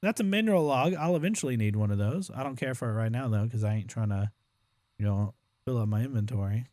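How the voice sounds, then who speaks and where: A young man giving casual gameplay commentary as a streamer, chatty, with exaggerated complaints and excited outbursts. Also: mid-range voice, fast talker, no echo. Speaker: gaming streamer.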